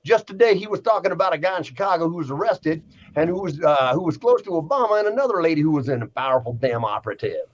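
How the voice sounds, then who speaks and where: A man's voice: on the high side, lively intonation, fast, dull audio, a little hiss or hum, close to an everyday voice. A man reading out a viewer comment in a put-on Southern accent, voicing a preachy woman who lectures and scolds. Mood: lecturing. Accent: American Southern.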